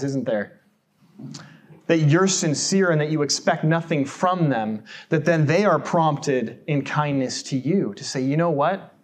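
A man from the United States preaching a sermon in a church, conversational and self-deprecating, often putting rhetorical questions to the congregation. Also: fairly high pitch. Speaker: pastor.

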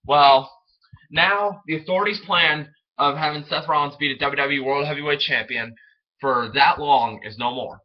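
An excitable young man rambles through his thoughts in a fairly high voice, tripping over words as he goes. The sound is dull and lo-fi, like a cheap home recording. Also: moderate pace. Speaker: wrestling fan vlogger. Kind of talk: casual solo commentary.

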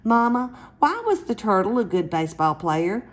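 An excitable little boy bursts with questions in a high, bouncy voice, as a woman reads him aloud from a picture book. He sounds eager and curious. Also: moderate pace, highs cut off.

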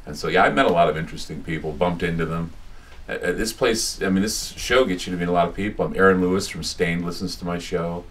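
Low-voiced male radio host, chatty and rambling, recorded live from a distance in a small shop. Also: fast. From United States. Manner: rambling, chatty storyteller with many restarts. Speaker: radio host giving a talk. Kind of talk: casual public talk with anecdotes. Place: small bookstore, indoors.

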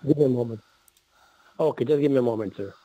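Husky, polite man repeating "sir". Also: mid-range voice, fast, dark tone, no room sound, low-quality recording. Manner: polite, repetitive, keeps saying sir. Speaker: phone scammer. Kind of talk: scripted tech-support phone call.

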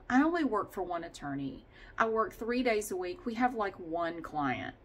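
A woman's voice: mid-range voice, sing-song, measured pace, fairly bright tone, a little hiss or hum. A woman vlogging at home in a casual, chatty monologue, ranting with sighs and swearing.

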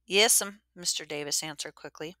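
Low-voiced woman reading a storybook. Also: normal speed, pushed and bright, no echo. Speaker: audiobook narrator. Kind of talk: first-person storybook narration.

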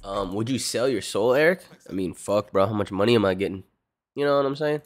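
Chill young guy streaming, kinda low voice, rambles and cusses, faint music behind. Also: animated, a little fast. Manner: laid-back, rambling, swears a lot. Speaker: livestreamer. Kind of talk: casual stream chat, answering chat.

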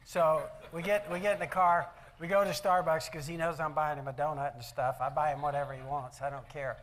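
A man's voice: fairly high pitch, fairly even intonation, a little fast, fairly bright tone, slight background noise. Folksy older man telling stories. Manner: folksy, with rhetorical questions to the audience. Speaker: speaker at an event. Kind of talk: motivational talk with personal stories. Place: event hall.

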